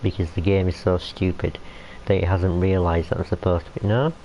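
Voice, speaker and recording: A man's voice: low voice, level tone, fairly quick, mellow. A young man rambling in casual chat while streaming a train game, talking to the characters on screen. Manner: rambling, chatty, talks to the game. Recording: muffled lo-fi, faint hiss.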